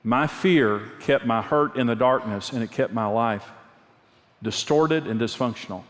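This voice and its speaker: Guy preaching about marriage, mid-pitch voice, tells stories, repeats stuff, big reverby hall. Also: measured pace. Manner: earnest storytelling, repeats key phrases. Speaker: pastor and marriage speaker. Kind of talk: conversational sermon with personal stories. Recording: long reverb of a large hall.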